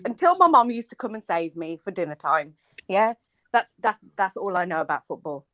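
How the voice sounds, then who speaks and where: A woman's voice: medium pitch, lively intonation, moderate pace, a bit bright. A woman on a live panel chat, mouthy and joking, swearing casually and poking fun at herself. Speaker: panel guest.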